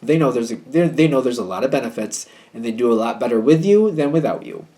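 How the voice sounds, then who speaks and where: A man's voice: mid-range voice, animated, fast, dark tone. A man giving a casual tarot reading to his viewers, chatty and hedging, with a wry, slightly snippy tone. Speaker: tarot reader.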